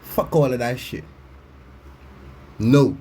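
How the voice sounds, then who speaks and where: A man giving a loud, blunt comic reaction rant, swearing and mocking as he talks. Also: mid-range voice, slow pace, noisy background. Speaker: reaction commentator. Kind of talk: profane comedic reaction rant.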